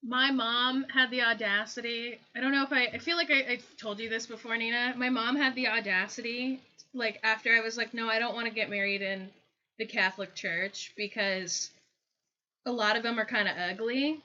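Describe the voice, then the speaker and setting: A woman hosting a casual comedic chat over a video call, telling rambling, animated stories. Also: on the high side, normal speed. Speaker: host. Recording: dull lo-fi call audio.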